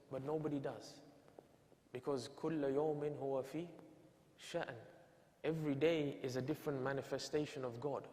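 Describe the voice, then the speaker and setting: A man giving a Ramadan sermon in a mosque, telling stories and quoting Arabic supplications. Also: medium pitch. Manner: storytelling, quotes Arabic supplications and acts out dialogue. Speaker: sheikh giving a Ramadan lecture. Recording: long hall reverb.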